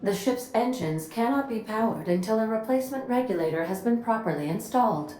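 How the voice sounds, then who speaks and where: A woman voicing a calm female ship AI. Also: on the high side, a little fast, echoey room, a little hiss or hum, close to an everyday voice, low-quality recording. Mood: dry. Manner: polite, matter-of-fact announcements.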